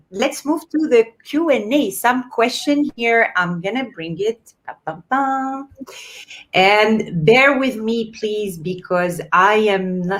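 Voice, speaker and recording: A woman with a non-native English accent, hosting a live online event and reading out viewer comments with many fillers. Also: mid-range voice. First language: not English. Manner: warm encouraging, reads viewer comments aloud with fillers. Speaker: host. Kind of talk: live-streamed event chat.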